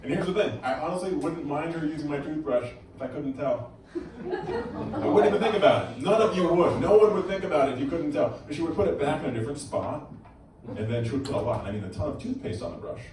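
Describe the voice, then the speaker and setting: A man doing a stand-up set at a comedy club, mixing crowd work with animated punchlines over audience laughter. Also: a little high, fast talker, noisy background. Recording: roomy live club recording from far off.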